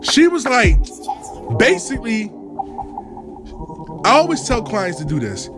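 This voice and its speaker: A man telling a profane comic story to his viewers, animated and swearing, repeating words for emphasis. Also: very high voice, a little slow. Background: background music.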